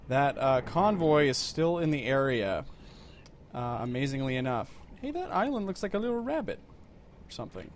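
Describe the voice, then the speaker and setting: A man's voice: mid-range voice, very animated, moderate pace, a little hiss or hum. A man giving casual, rambling let's-play commentary with wry, self-mocking humor.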